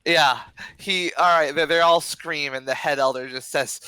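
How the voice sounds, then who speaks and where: Game master voice for a tabletop game, sharp and bright, close-miked with no room sound. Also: mid-range voice, normal speed, clean tone, no room sound. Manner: lively narrating, reacts with exclamations.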